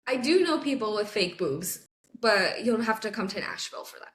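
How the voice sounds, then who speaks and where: A woman's voice: medium pitch, sing-song, moderate pace. A woman guest in casual podcast chat, who laughs a lot and echoes the host's words back.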